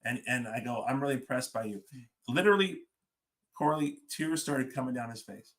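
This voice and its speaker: A man's voice: medium pitch, normal speed. Man telling a firehouse story. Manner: animated storyteller acting out dialogue. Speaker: fire service leader, guest. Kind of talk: storytelling on a podcast.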